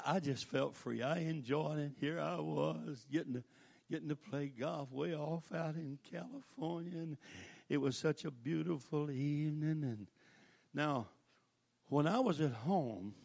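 Gravelly old preacher. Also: male voice, fairly high pitch, slow. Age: older. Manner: folksy, drawling storyteller who breaks into shouted praise. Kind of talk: storytelling sermon.

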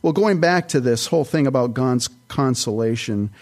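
A man's voice: mid-range voice, lively intonation, normal speed, a little mellow. Man preaching a rambling conversational sermon. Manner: conversational, rambling with restarts and side notes. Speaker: pastor.

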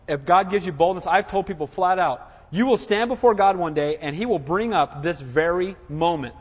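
A male pastor preaches emphatically from the pulpit in a high voice for a man, calling out to his congregation for an "Amen?" His voice rings out through a long hall reverb on a dull, lo-fi recording. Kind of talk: sermon.

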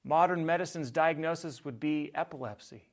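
A man preaching a sermon, measured and earnest, often dropping to a soft, quiet voice on key phrases. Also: a little high. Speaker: pastor.

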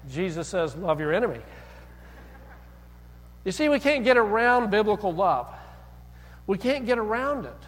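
High-voiced man preaching in a hall. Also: very animated, normal speed, long pauses, fairly bright tone. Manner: conversational, storytelling with acted quotes. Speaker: pastor. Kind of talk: sermon.

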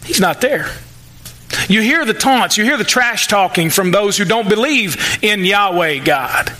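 Bright-voiced male pastor preaching. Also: sits high, expressive, unhurried. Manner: conversational preaching, acts out the psalmist's voice. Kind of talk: sermon.

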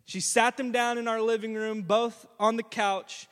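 A man's voice: very high-pitched, level tone, moderate pace, a bit bright, smooth. A male pastor preaching a sermon in a conversational storytelling way, often putting questions to the congregation. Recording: long hall reverb.

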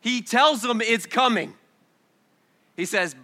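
Energetic pastor with a bright voice. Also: male voice, a little high, moderate pace. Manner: energetic, swinging from shouts to hushed storytelling. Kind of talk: sermon. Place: church sanctuary before a congregation.

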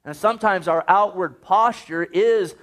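A man's voice: sits high, a little slow, a bit bright. A man preaching a sermon, earnest and urging, often quoting scripture.

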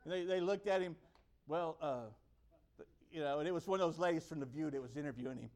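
A high-pitched man from the United States delivers a sermon. He talks emphatically and circles back to the same phrases to drive each point home. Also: fast talker, a little mellow. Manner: emphatic, repeats key phrases. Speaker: preacher.

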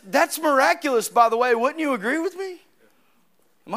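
A man preaching a sermon, reading scripture and breaking off into casual asides, rising to shouts at its peaks. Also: very high-pitched, sing-song, moderate pace. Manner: preaching with sudden swings from quiet asides to shouting; reads scripture aloud, breaks off with asides and laughs. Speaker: pastor.

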